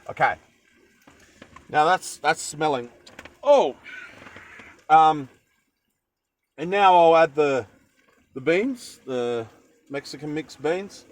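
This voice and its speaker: A young man with an Australian accent talks his way through a cooking session in a van. He rambles and cracks jokes as he goes, his voice sitting a little high for a man. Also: animated, slow pace, pauses often, low-quality recording. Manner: rambling, jokey, chatty asides. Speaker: cooking vlogger. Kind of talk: casual cooking chat. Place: van kitchen.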